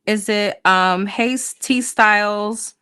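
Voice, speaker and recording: A woman's voice: medium pitch, fairly even intonation, slow, sharp tone, clear, resonant tone. A woman doing a live tarot reading, talking bluntly and casually, swearing freely and calling her viewers honey. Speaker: tarot reader.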